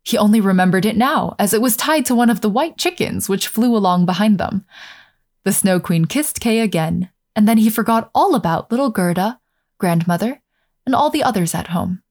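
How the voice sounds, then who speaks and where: A woman narrating a fairy tale aloud in a calm, measured way, slowing down over scenic passages. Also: mid-range voice. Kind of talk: storybook narration.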